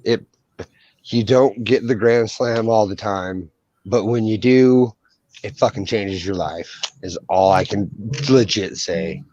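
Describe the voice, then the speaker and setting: A man's voice: fairly low pitch, takes it slowly, a little mellow, no echo. A young man talks brashly in a loose, profane, joking way as he co-hosts a casual chat. The recording is dry, with a slightly dull sound. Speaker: coin channel co-host.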